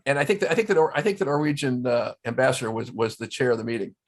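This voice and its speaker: A man telling stories in casual conversation as a guest at a round-table talk, animated and full of restarts. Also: mid-range voice, very fast. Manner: storytelling, animated, many restarts. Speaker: guest, former ambassador. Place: indoors, round-table discussion.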